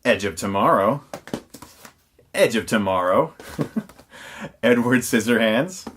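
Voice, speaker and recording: A man's voice: medium pitch, expressive, takes it slowly, fairly bright tone, slight background noise. A man reviewing films who walks through his collection in a casual on-camera listing, dropping wry, sarcastic asides.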